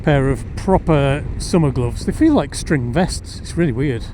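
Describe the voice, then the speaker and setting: A man's voice: on the high side, lively intonation, a little slow. A man, chatting wryly as he rides a motorbike and recording through a helmet mic. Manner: chatty, wry, rambling asides. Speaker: motorcycle vlogger. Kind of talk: casual ride commentary. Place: riding a motorcycle outdoors on roads. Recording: clear road and engine noise behind.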